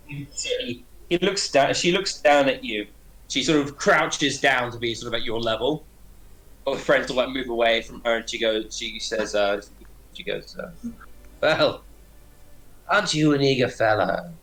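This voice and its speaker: A man narrating as game master in a tabletop game, relaxed and rambling, often correcting himself mid-sentence. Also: medium pitch, normal speed, poor audio.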